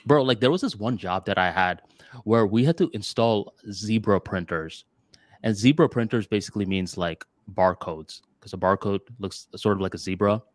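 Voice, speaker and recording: A man with a low voice co-hosts a podcast, arguing his point in loose, rambling sentences thick with fillers. The sound is dry and close, with no room behind it. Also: normal speed, no room sound. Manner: rambling, filler-heavy with lots of "like" and "dude"; animated, jumps to higher pitch when voicing others. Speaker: podcast co-host. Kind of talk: casual podcast debate.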